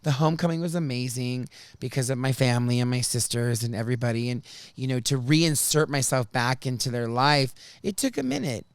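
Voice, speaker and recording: A man hosting a podcast, telling stories from his life in a chatty, animated way. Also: medium pitch, a little fast, smooth, dry recording. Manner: chatty, animated, restarts and laughs often. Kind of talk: casual storytelling chat.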